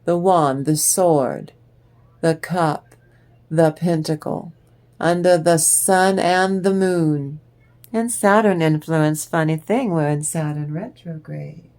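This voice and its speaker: A woman reads tarot cards aloud, speaking to the listener as if they were sitting across from her. Her voice sits a little low, and she takes her time, letting words hang between phrases. She is encouraging and breaks into laughter now and then. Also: a little mellow. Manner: unhurried, addresses the listener directly, encouraging; laughs often. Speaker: tarot reader. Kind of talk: tarot card reading to the viewer.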